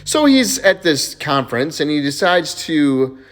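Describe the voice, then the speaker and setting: A man's voice: on the high side, big pitch swings, a little slow, faint music behind. A man telling jokes in a casual, chatty way and laughing at his own punchlines. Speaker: joke teller.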